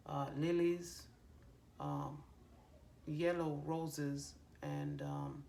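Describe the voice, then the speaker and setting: A woman doing a psychic card reading for viewers, pausing often with ums and restarts as she relays messages she hears. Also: low voice, very animated, warm tone. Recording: faint background noise.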